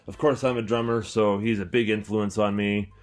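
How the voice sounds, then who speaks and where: A young man from Canada talks through a beloved record in a loose, excitable review, his low voice tripping over fillers and restarts. Faint music plays behind him. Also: normal speed. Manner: enthusiastic, rambling with many fillers and restarts. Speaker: record collector and store owner, channel host. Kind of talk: casual album-review chat to camera.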